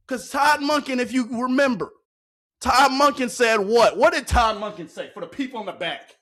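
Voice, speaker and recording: A man hosting a sports video, talking loudly and excitedly into a microphone while commenting on game clips in a slangy, hyped-up way. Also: extremely high pitch, normal speed, noisy background.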